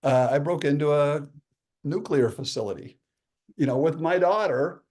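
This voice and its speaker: A man's voice: fairly high pitch, normal speed, a little mellow. A man telling a story with energy as a guest, acting out the voices of the people in his anecdotes. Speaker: guest speaker. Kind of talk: animated storytelling.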